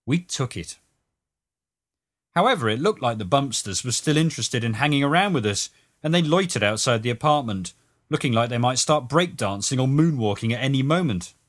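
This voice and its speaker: A man's voice: mid-range voice, animated, a little fast. A man reading a travel memoir aloud with dry, wry storytelling. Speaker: narrator.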